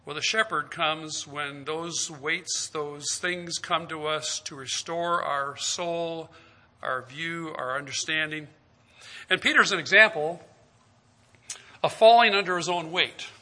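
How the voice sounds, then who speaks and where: Bright-voiced man preaching a sermon. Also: a little high, slow. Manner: storytelling, acting out the dialogue of the scripture figures; asks the listeners direct questions.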